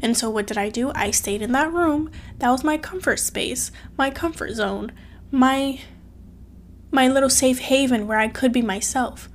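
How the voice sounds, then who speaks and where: Woman vlogging to her camera, kinda high voice, earnest and teary, lots of "like". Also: measured pace, slight background noise. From outside the US. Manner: earnest, repetitive, emotional, full of "like" fillers. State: tearful at times. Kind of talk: emotional personal storytelling to camera. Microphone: phone or camera.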